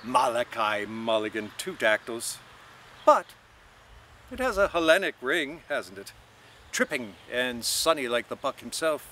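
A man reading aloud and voicing a mocking, theatrical young man who booms in a mock-preacher tone. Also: big pitch swings, takes it slowly, fairly bright tone, full character voice. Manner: booming mock-preacher intoning.

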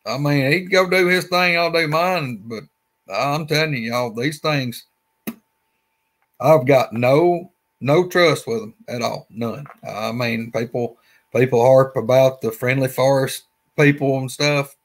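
Unhurried and mid-range in voice, a guest with a Southern Alabama accent tells a casual story. He rambles in a folksy style and repeats himself.

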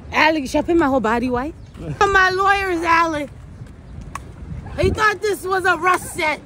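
A woman from the United States, a comedian rambling nervously backstage in a loud, shrieky, manic way, screaming at times. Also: extremely high pitch. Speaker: comedian and performer. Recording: noisy background.

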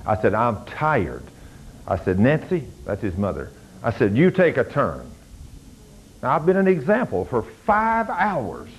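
An older man, preaching a sermon as a pastor and rising to loud, fervent commands. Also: mid-range voice, huge pitch swings, a little slow, a little hiss or hum, low-quality recording.

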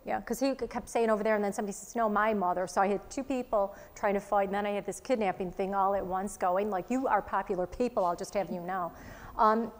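A woman's voice: mid-range voice, steady tone. A woman working as a psychic medium, chattily giving live readings to a studio audience. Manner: chatty, quick, relaying messages in asides. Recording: long reverb in a studio hall.

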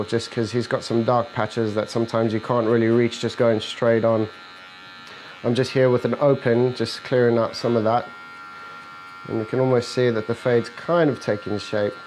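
A man's voice: medium pitch, darkish tone, slight background noise, low-quality recording. A man, a barber, talking through a haircut in an easy, instructive way and joking with his client. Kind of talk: narrating a haircut while working. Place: barbershop, indoors. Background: electric clippers buzzing.

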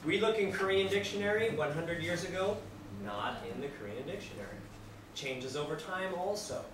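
Male lecturer, somewhat high voice, animated and repetitive, teaching language learners; recorded far off in a very echoey classroom with noise. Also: normal speed. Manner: animated, acts out examples and asks the class questions; speaks simply and repeats phrases for language learners. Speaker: university lecturer. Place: classroom with students.

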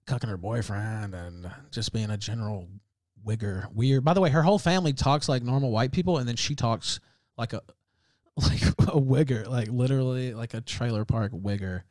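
A man's voice: mid-range voice, normal speed, darkish tone, dry recording. A man hosting a livestream, ranting in heated, profane casual talk and breaking into laughs. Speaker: livestream host.

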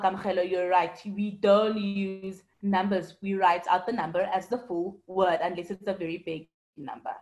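Female teacher, online class, patient and explanatory, calls on students by name. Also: mid-range voice. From South Africa. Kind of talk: online lesson reading student comments.

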